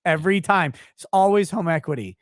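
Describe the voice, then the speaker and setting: Tired man, yawning, profane, laughs a lot, slightly high voice, dry close sound. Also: a little fast, dry recording. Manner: animated, profane, laughs often. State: tired, yawning while talking. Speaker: podcast guest. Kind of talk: casual storytelling conversation.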